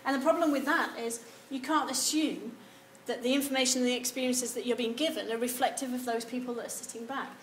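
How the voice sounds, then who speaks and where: A high-pitched woman lectures students in an echoey room, lively and acting out sample answers in quoted voices. A faint hum of noise sits under her voice. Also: fast talker, few pauses. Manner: animated, acts out example replies. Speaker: university lecturer. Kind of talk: lecture on research methods. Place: lecture hall.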